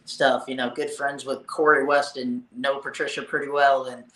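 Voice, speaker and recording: Man, podcast guest, easygoing and halting, echoey room. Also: mid-range voice, level tone, a bit bright. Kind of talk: casual chat.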